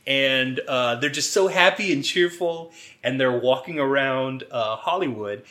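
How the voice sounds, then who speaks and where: A man's voice: mid-range voice, unhurried, bright, forceful tone. A man co-hosting a podcast in a casual chat, laid-back, swearing freely and often laughing as he talks. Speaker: podcast co-host.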